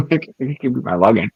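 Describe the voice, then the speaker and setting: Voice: medium pitch, gravelly, husky, dry recording. A co-host joking wryly in a casual livestream chat over a video call. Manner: wry, joking. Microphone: video call mic, muffled. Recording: muffled video call audio.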